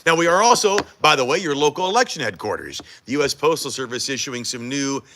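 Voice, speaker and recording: A man's voice: mid-range voice, lively intonation, quick pace, bright, forceful tone, a little hiss or hum. A man hosting a live morning TV show, bantering in an upbeat, joking way.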